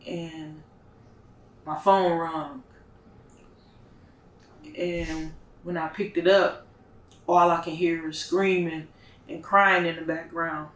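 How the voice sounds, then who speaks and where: Slow, soft-spoken grieving mother. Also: sits low, fairly even intonation. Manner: halting, soft-spoken retelling. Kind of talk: documentary interview. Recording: roomy sound from a distant mic with faint music.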